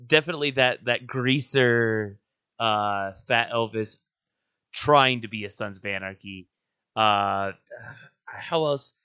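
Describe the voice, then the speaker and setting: A man's voice: medium pitch, takes it slowly, bright, forceful tone, smooth, no room sound, muffled recording. A man co-hosting a gaming podcast in casual chat, laid-back and hesitant. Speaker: podcast co-host.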